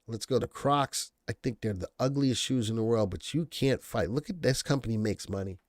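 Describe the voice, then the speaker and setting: A man's voice: mid-range voice, moderate pace, a little mellow, dry recording, clean studio sound. A man hosting a live stock-analysis stream, talking casually, thinking aloud and answering viewer comments. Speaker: stock market show host.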